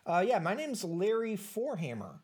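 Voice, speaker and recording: A performer playing a rambling baby-boomer man in his seventies at an awkward interview, talking haltingly with lots of fillers. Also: big pitch swings, darkish tone, breathy edge. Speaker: interview guest. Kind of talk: improvised comedy interview.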